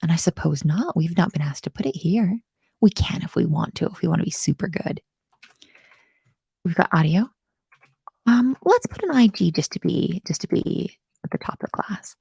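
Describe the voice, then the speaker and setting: A woman's voice: lowish voice, big pitch swings, moderate pace, gravelly, mellow, slightly rough, no room sound. A woman teaching web coding live, bubbly and self-mocking, often murmuring half-whispered asides. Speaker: coding instructor.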